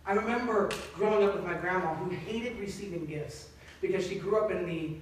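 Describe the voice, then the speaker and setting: Male pastor, 30s, high voice, lively chatty sermon, booming church echo, mic far away. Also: a little fast, slight background noise. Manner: conversational, animated preaching. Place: church sanctuary. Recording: echoey sanctuary, distant mic.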